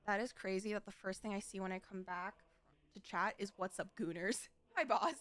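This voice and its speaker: A woman's voice: mid-range voice, moderate pace, a bit bright. A woman hosting her live stream, chatty, giggly and a bit scattered as she welcomes guests. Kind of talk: casual live-stream chat.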